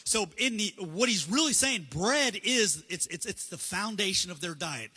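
Male preacher, high bright husky voice, chatty sermon, reverberant hall. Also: lively intonation, normal speed. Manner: casual, conversational, acts out dialogue. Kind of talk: sermon with slides.

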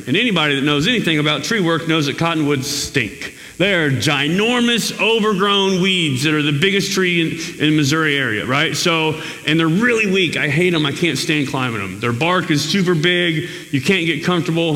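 A man preaching a sermon in a church, telling a personal story in an emphatic, lively storytelling manner. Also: a little high. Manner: storytelling, emphatic, shouts when reliving anger. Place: church hall. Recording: echoey church hall.

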